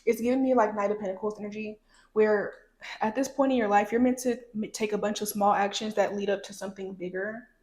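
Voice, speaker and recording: A woman's voice: medium pitch, steady tone, brisk, darkish tone. A young woman casually chatting through a tarot card reading, talking straight to her viewers. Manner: chatty, talks to viewers directly. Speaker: tarot reader. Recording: echoey room.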